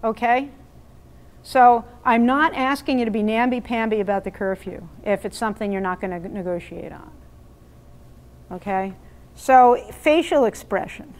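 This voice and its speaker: A woman's voice: on the high side, normal speed. A woman presenting an interactive parenting workshop, speaking emphatically and questioning her audience in a meeting room. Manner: emphatic, quizzes the audience, role-plays lines to kids.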